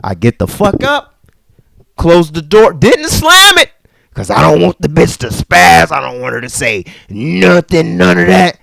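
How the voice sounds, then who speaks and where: A man tells a casual story on his podcast, cursing freely and acting out the people in it. His voice sits fairly high and leaps up and down in pitch. The sound is dry and close. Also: very animated, unhurried, vocal fry, bright, forceful tone, dry recording. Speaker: podcast host.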